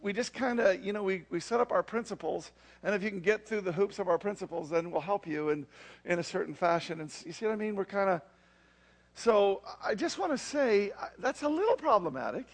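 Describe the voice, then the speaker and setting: Male pastor with a high voice, chatty sermon delivery full of asides. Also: lively intonation, a little fast. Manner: conversational, frequent "you know what I mean" asides.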